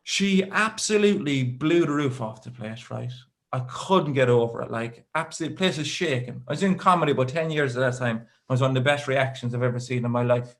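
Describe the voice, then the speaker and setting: Irish man, thirties, stand-up comedian, rambling stories, dry asides, mid-pitched voice. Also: fairly quick.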